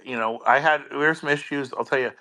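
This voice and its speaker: A man with a bright, forceful tone talks in a casual chat. He stumbles and restarts often, repeating words before he finds his point. His pitch sits in an ordinary middle range. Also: fast talker.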